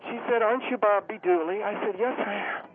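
Man doing a high-voiced prim society woman, halting and fussy, tinny phone line. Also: noisy background, natural voice. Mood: flustered. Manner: halting, hesitant, many fillers, later panicky and breathless. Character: fussy upscale woman, community spokeswoman, high-strung.

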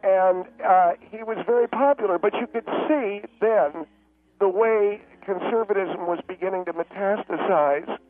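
A man calling in to a radio show, rambling and halting as he keeps losing his train of thought. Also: sits high. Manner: rambling, halting, easily distracted. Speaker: caller. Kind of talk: comedic rambling phone call. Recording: tinny phone line. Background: piano music.

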